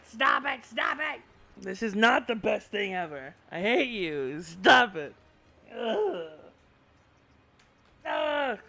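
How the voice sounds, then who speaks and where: Excitable high-pitched male streamer. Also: unhurried, gravelly. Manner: excitable, yelling and bantering with chat. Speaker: VTuber streamer. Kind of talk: live gaming stream chat.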